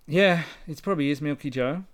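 A man's voice: on the high side, fairly quick. A man hosting a podcast in casual chat, rambling with restarts. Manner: chatty, rambling, with restarts and laughter. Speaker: podcast host.

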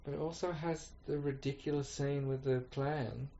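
A man's voice: medium pitch, steady tone, moderate pace, vocal fry, dark tone. A man chatting casually as co-host, rambling and acting out quoted voices. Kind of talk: casual chat. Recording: muffled lo-fi recording.

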